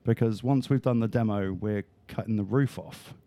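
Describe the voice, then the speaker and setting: A man chatting casually as a vlogger, teasing and joking in a relaxed way. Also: on the low side, normal speed, no room sound. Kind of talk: casual chat.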